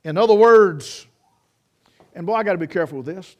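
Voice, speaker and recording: A man delivers a sermon in a folksy, storytelling way. His voice sits a bit higher than most men's, and he often restarts his sentences, leaning on homespun sayings. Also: fairly quick, a little mellow, muffled recording. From United States. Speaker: pastor.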